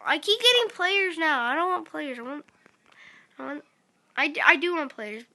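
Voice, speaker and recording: A woman hosting a casual game video, talking excitably and calling out to her viewers. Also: sits high, normal speed. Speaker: gaming video host.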